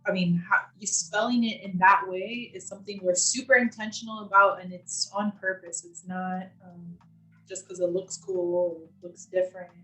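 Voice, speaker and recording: A woman's voice: mid-range voice, steady tone, normal speed, a bit bright. Woman trainer on a video call, loose and chatty with lots of fillers, roomy echo, faint music behind. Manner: chatty, with many fillers and restarts. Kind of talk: casual live online training.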